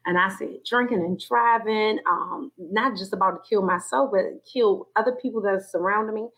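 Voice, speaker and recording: Woman telling her faith story in an interview, very expressive, acts out what she thought and said, mid-pitched voice. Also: moderate pace, low-quality recording. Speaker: guest sharing her story. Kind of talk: personal faith testimony in conversation.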